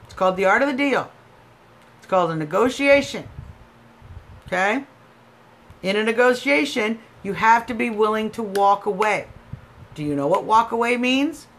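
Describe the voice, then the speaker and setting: A woman's voice: medium pitch, expressive, moderate pace, long pauses. An American woman hosting a live political stream, arguing emphatically and answering viewer comments. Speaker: livestream host.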